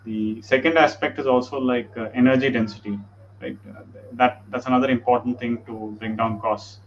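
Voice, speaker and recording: This man talks in an earnest way, with lots of fillers. He comes through dull, lo-fi video call audio with faint noise behind him. His pitch sits in a middle range. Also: steady tone, moderate pace. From India. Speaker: panel guest. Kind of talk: discussion.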